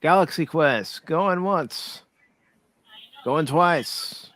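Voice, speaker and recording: A man hosting a casual pop culture stream, reading out viewer votes in an easygoing, relaxed way. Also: on the high side, drawn-out words. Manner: easygoing, relaxed, restarts often. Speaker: host of a pop culture livestream.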